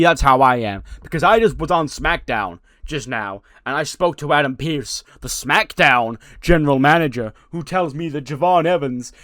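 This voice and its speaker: A man voicing a brash, furious male wrestling champion who shouts and stammers in outrage. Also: medium pitch, dry recording, studio quality, natural voice.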